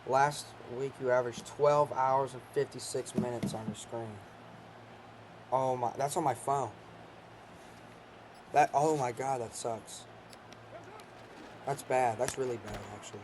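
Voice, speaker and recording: A young man casually commenting on a football video game he is playing, joking and swearing with bursts of excitement. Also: medium pitch, a little slow, long pauses, background noise. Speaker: gaming channel host.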